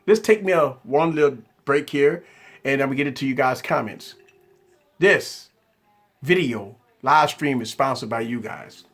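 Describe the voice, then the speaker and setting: A man's voice: medium pitch, moderate pace, a bit bright. A man hosting a live tech stream, talking in a rambling, repetitive, conversational way and answering viewers. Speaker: tech channel host.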